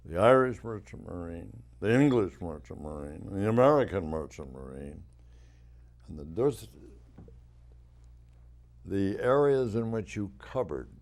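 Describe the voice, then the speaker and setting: A man hosting an interview, speaking in a measured, admiring way to his guest. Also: fairly low pitch, gravelly, darkish tone. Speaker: host.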